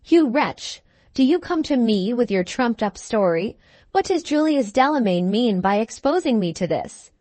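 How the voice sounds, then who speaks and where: A woman's voice: very animated, normal speed, mellow, no room sound. A woman voicing a haughty society widow who turns from icy politeness to jealous fury. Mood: furious. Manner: politely cold, then shrill and indignant.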